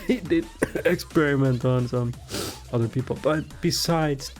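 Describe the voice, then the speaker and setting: A man's voice: on the high side, a little slow, darkish tone, faint music behind. A man giving an irreverent, profane, rambling comedy rant about game lore, with giggly asides. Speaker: video creator.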